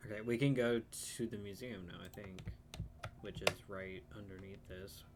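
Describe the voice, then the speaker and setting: A man's voice: fairly low pitch, fairly even intonation, normal speed, very noisy. A man streaming a farming game, chatting casually and self-deprecatingly about his plans as he plays. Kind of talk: casual let's-play commentary.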